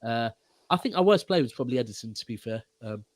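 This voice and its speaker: A man's voice: mid-range voice, lively intonation, quick pace, darkish tone, no room sound. Bantering man, dry close sound. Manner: upbeat, banters, swears casually. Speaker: football podcast panelist. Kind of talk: casual football chat.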